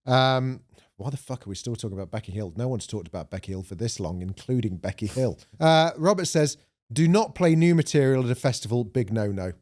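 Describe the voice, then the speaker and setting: A man's voice: mid-range voice, expressive, brisk, darkish tone. Sweary male podcast co-host. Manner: sweary, reads listener messages aloud. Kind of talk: casual chat.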